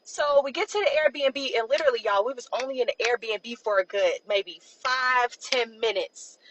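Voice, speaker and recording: A young woman casually telling a personal story, loose and chatty, full of "like" and quick asides. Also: a little high, dull audio, background noise. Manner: chatty, loose, peppered with "like" and "blah, blah".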